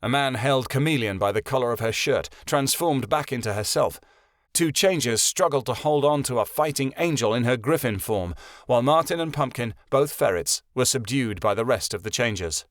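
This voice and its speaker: A man narrating a fantasy audiobook in a steady storytelling voice. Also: mid-range voice, moderate pace, no room sound, clean studio sound. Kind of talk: scripted narration.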